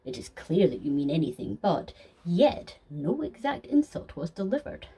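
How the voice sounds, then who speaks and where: A woman's voice: fairly low pitch, very animated, mellow, husky, exaggerated voice. A woman voicing a sly, polished male deceiver who talks formally with dry sarcasm in a fan audio sketch. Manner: formal, measured, dryly sarcastic.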